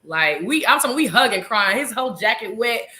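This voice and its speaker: Bright-voiced woman telling a dramatic story. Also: on the high side, brisk. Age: 30s. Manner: animated, dramatic, addresses audience as y'all. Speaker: reality show cast member, guest; nurse. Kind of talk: casual interview storytelling.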